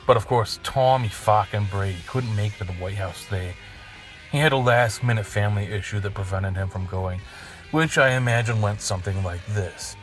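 A man's voice: lowish voice, normal speed, faint music behind. A man hosting a podcast, rambling through a crude, jokey monologue and swearing freely. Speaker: podcast host.

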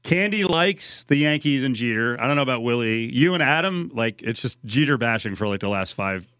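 A man's voice: mid-range voice, expressive, brisk, a bit bright, smooth, no room sound, studio quality. A man hosting sports talk radio, bantering wryly and reading ticket promos.

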